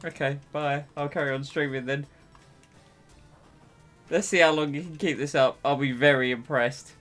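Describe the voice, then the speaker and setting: A man with an English accent chatting casually while streaming a game, animated and quick to laugh. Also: a little high, soft background music.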